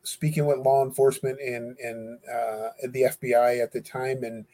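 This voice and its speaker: A man's voice: mid-range voice, level tone, normal speed, mellow. A man speaking as an interview guest, talking earnestly and hesitantly with many fillers and restarts. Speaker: guest who corresponds with death row inmates. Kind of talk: casual interview talk.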